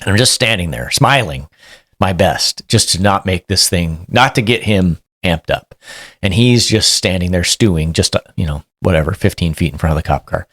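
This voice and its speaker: Deep-voiced police sergeant telling stories. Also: male voice, normal speed, no echo, clean studio sound. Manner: animated, acts out quotes. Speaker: police sergeant, podcast guest. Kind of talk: casual anecdote storytelling.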